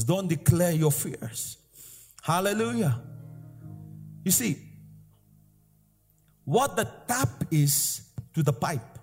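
A man preaching a sermon with emphatic, repeated declarations and calls for the congregation to respond. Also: high-pitched. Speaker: pastor. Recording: live sermon in an echoing hall with faint music.

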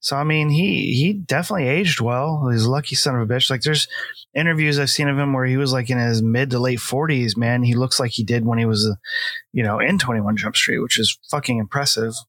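A man's voice: mid-range voice, brisk, fairly bright tone, no echo. Middle-aged male co-host, casual film chat, loose and rambling, dry close sound. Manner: rambling, filler-heavy, laughs often. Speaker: podcast co-host.

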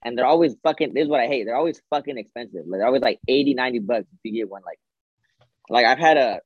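A man who is a podcast guest, chatting casually in fast slang and swearing, recorded through earbuds with a dull, lo-fi sound. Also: medium pitch, slightly rough, no echo. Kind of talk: casual chat. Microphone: earbuds on a phone.

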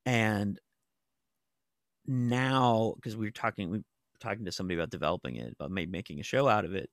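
A man's voice: on the low side, a little fast, no echo, studio quality. A middle-aged man, a TV writer, telling stories in casual chat, rambling with lots of fillers and the odd curse. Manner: rambling storytelling full of "like" fillers and profanity. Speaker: TV writer and novelist.

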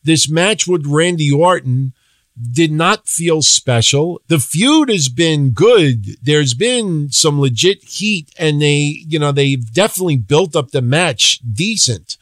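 Male podcast co-host with a higher voice and a dry, close sound; blunt, opinionated, swears, acts out quotes. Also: animated, slow pace, a bit bright, dry recording. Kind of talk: casual wrestling recap chat.

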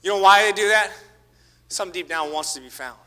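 A man preaching a sermon, swinging between loud exhortation and hushed asides. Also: high voice, fairly quick, smooth. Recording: reverberant church hall.

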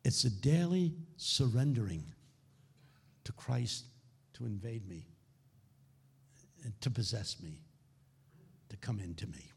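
A man giving a conference keynote sermon, telling stories dramatically and dropping to hushed lows. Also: lively intonation, slow, creaky, pauses often, breathy edge. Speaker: keynote speaker. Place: conference hall.

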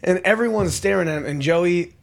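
A young podcast co-host chats casually, his slightly high, gravelly voice moving fairly quickly. He tells stories energetically and jumps into sudden higher voices when mimicking people.

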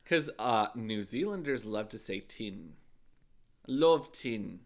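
A man's voice: lowish voice, expressive. A man co-hosting a podcast, chatting casually and teasing his partner with wordplay. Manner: playful, teasing, quick to riff on words. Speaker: podcast co-host. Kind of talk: casual chat recapping a reality show.

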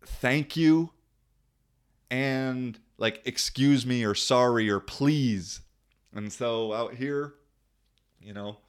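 A man's voice: mid-range voice, drawn-out words, long pauses, smooth. A young man talking casually in a loose, slangy way, laughing often as he tells stories about living abroad. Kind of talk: casual vlog monologue.

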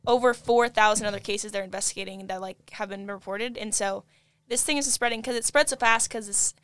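A young woman co-hosting a casual podcast, telling news stories in an animated way with lots of fillers. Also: mid-range voice, fairly quick, smooth, no echo. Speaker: podcast co-host.

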